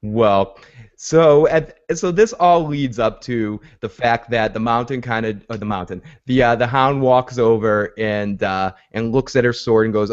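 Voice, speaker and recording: A man's voice: mid-range voice, unhurried, clean tone. A man hosting a casual TV recap podcast who retells scenes by acting out the characters' lines. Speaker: podcast host. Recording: dull lo-fi podcast audio.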